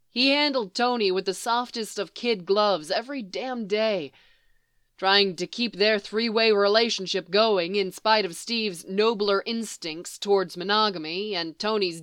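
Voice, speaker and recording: Smooth-voiced woman reading a story. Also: medium pitch, dry recording, clean studio sound. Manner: even storytelling narration. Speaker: reader. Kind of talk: reading fan fiction aloud.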